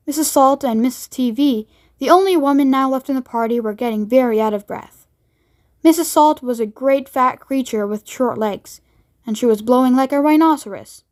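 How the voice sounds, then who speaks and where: Expressive woman reading a storybook aloud. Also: sits high, normal speed. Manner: expressive, lively, voices each character. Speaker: storybook reader. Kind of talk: read-aloud storybook narration.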